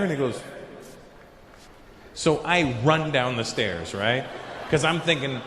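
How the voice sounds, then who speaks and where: A man doing stand-up comedy on a large arena stage, telling a story with lively acted-out dialogue and frequent swearing. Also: mid-range voice, moderate pace, noisy background. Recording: echoey arena recording.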